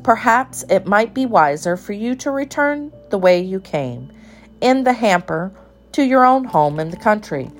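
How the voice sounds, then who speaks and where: A woman's voice: medium pitch, expressive, a little slow, soft background music, lightly acted. A woman voicing a fussy, well-mannered male town mouse in a storybook, polite and prim with a huffy edge.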